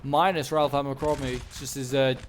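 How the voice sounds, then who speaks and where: A man commentates a video game battle in a casual, musing way, leaning on fillers and fixing his own words as he goes. His medium-pitched voice is flat and brisk, with game gunfire and battle sounds running loudly underneath and slight background noise.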